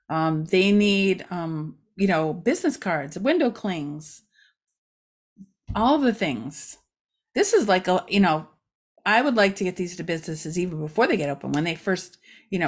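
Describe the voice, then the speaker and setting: A middle-aged woman hosting a casual community update for a local news site, chatty and rambling with many fillers. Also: mid-range voice.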